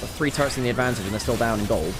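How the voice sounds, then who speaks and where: A man doing live play-by-play commentary on an esports match. He shifts from calm analysis to exasperated outbursts, and he is worn out after a long week. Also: medium pitch, racing, music in the background. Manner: self-correcting, apologetic asides to viewers. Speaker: esports caster.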